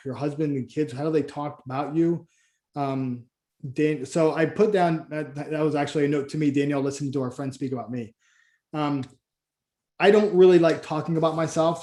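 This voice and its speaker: Casual coaching man, mellow and echoey. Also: a little high. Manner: casual, rambling, acts out client dialogue with many restarts. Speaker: Christian business coach. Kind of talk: coaching training session.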